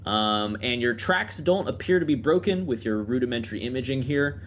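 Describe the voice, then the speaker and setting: A man's voice: medium pitch, moderate pace. Guy dm-ing a tabletop game, laid back, lotsa ums, faint background hiss. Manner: relaxed, many filler ums. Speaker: game master.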